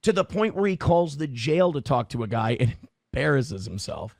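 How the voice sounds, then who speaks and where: A man's voice: medium pitch, sing-song, moderate pace, vocal fry, a little mellow, no echo, studio quality. A man co-hosting a podcast, talking in a blunt, scornful, profane way. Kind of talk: casual podcast commentary.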